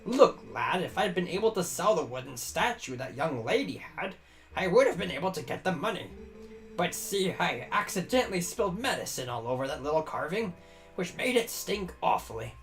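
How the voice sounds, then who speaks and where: A man voicing a gruff, evasive older town doctor in a video game reading. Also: fairly high pitch, big pitch swings, normal speed, fairly bright tone, faint music behind.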